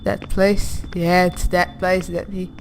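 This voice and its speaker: A woman's voice: on the low side, level tone, takes it slowly, a little hiss or hum. A woman playing a horror game, talking to herself in jumpy, reactive commentary. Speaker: gaming channel host.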